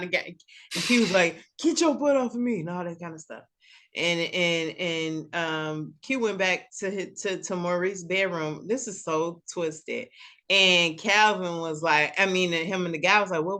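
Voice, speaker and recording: A woman hosting a casual recap chat, telling the story with lively acted-out quotes. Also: fairly low pitch. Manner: animated storytelling, acts out characters' lines. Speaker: show recap host.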